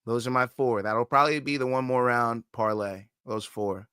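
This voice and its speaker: A man's voice: mid-range voice, fairly even intonation, normal speed, pushed and bright, clean tone, no room sound, studio quality. A man hosting a casual livestream, reading chat comments aloud, swearing freely and laughing often. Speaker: host.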